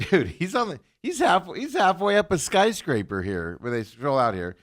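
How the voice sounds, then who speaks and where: Male sports talk host, bouncy pitch, jokey and chuckling. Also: very animated, measured pace, a bit bright. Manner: joking, chuckling often, restarts. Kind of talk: casual sports banter.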